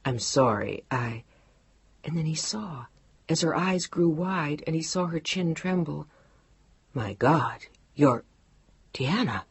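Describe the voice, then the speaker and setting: A woman's voice: low voice, lively intonation, takes it slowly, pauses often, breathy edge, no room sound, exaggerated voice. Woman doing a tender, lovestruck man. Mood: stunned. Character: young man in love, emotional, tender.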